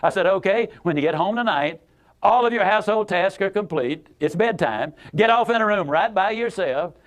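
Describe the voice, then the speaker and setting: A man with a high-pitched voice gives a motivational speech in a folksy storytelling style. He leans hard on emphasis and repeats words and phrases for effect. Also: expressive, moderate pace. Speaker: motivational speaker.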